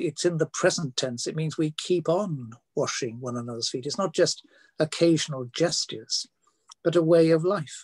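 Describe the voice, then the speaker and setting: A man's voice: on the high side, no echo. An older man preaching a sermon, telling homely stories with frequent fillers and restarts. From Wales.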